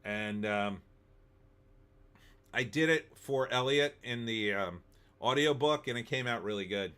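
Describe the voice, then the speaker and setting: Guy hosting a live movie stream, rambly and opinionated, lots of ums, mid-pitch voice. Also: unhurried, fairly bright tone, clear, resonant tone. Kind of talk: casual live-stream chat, reading viewer comments.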